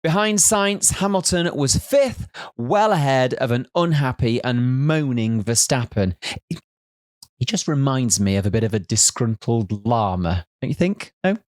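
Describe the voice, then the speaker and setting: A man's voice: mid-range voice, no echo, studio quality. A man presenting a scripted race recap, with jokey teasing asides.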